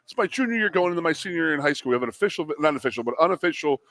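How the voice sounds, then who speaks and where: A man's voice: fairly high pitch, racing, no room sound. A man in his forties, a former college lineman co-hosting a sports radio show, telling a long story in casual chat and acting out the people in it. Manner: animated storyteller, acts out quotes in raised voices. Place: studio at a restaurant.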